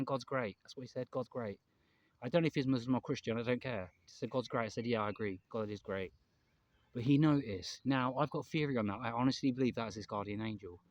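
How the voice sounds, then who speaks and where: A man with an English accent talks fast and bluntly, circling back and repeating his points. His voice is dry and close, with no room around it. He sounds like someone vlogging on his own in a park. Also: mid-range voice, no room sound. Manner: rambling, emphatic, repeats himself, swears. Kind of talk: candid vlog monologue. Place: outdoors in a park.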